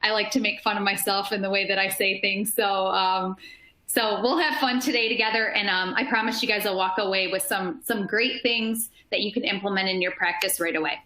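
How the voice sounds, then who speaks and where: An energetic woman with a strong Midwestern accent presents a marketing webinar in a bright, forceful voice. She talks upbeat and fast, with plenty of ums, and the sound rings in an echoey room. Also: medium pitch. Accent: Midwestern American. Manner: upbeat, energetic, many fillers. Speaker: marketing speaker.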